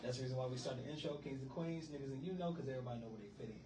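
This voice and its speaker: Energetic, profane male radio host; distant, echoey studio sound. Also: mid-range voice, racing, a crowd in the background. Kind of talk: hype radio hosting. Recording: roomy room, distant mic.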